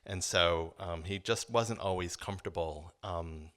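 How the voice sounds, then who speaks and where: Male storyteller, deep voice with a bright edge, thoughtful and earnest, live personal story. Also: a little slow. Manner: reflective, earnest, many um fillers.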